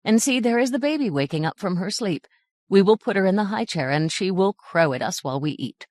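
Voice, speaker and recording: A woman voicing a gentle, loving mother. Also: mid-range voice, expressive, a little fast, dry recording, studio quality, close to an everyday voice. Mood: tender. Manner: soft, tender, earnest.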